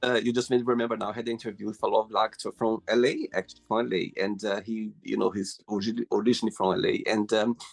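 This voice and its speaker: A man hosting an interview, asking questions in halting English, often repeating and rephrasing himself. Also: lowish voice, little pitch movement, gravelly, soft background music. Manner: halting, repeats and rephrases, non-native grammar. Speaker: show host.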